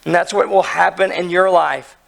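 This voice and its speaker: A hoarse man preaching an earnest, emphatic sermon, asking his listeners questions as he retells a story. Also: high-pitched, fairly even intonation, moderate pace, fairly bright tone, a little hiss or hum. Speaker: pastor.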